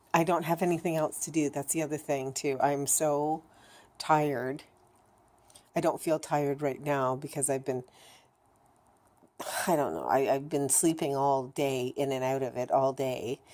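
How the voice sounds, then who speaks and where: Low-voiced blunt woman vlogging. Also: mellow. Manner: blunt, heavy swearing; rambling with many restarts. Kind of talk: candid personal video diary.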